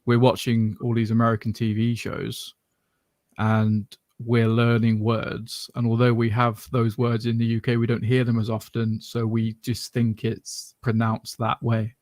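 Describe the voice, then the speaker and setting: Gravelly man with a mixed English accent. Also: medium pitch, completely flat delivery, unhurried, a little mellow, no echo. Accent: mixed English regional. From southern England. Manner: rambling, self-correcting. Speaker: podcast co-host. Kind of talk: casual chat.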